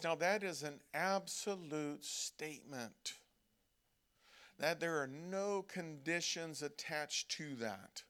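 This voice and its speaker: A man preaching in a slightly high voice, speaking to his congregation in an easy, conversational tone. He pauses again and again for a quick "okay?" and draws out the verses he quotes so they land. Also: lively intonation, fairly bright tone, smooth. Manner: conversational preaching, frequent "okay?" check-ins, slows to stress quoted verses. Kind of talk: sermon. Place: church service.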